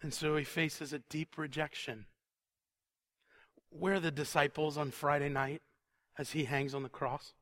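A man preaching a conversational sermon who repeats words for emphasis and sinks to a quiet, intense tone on solemn points. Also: on the high side, level tone, a little slow, pauses often.

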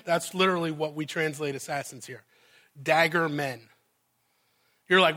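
A man's voice: fairly high pitch, fairly even intonation, normal speed, pauses often, bright, forceful tone. A male pastor preaching a conversational sermon, often checking in with his listeners and acting out the scene he is telling. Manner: conversational, asks the audience "right?" often, dramatizes the scene.

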